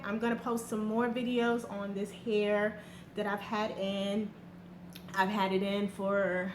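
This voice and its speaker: A woman's voice: mid-range voice, level tone, slow pace, slight background noise. Chatty woman vlogger in an echoey room. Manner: chatty, candid, with fillers and slang. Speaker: beauty vlogger. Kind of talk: casual product review vlog. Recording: echoey room with faint ambience.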